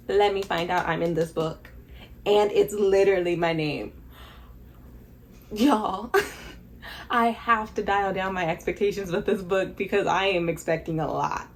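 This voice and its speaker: A young woman vlogging casually about a book, excitable and dramatic, with bursts of laughter and squeals. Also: on the low side, slight background noise. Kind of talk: casual reading vlog chat.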